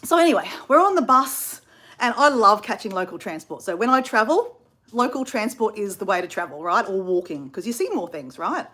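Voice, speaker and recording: A woman's voice: mid-range voice, sing-song, brisk, a bit bright. An Australian woman in her fifties telling a travel story in a chatty way, full of asides to viewers. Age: 50s.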